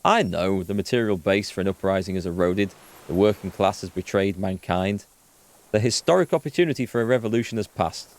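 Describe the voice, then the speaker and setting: A man voicing a frail, sick old male deserter who talks in a grim, slow, flat way. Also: fairly low pitch, natural voice. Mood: bitter.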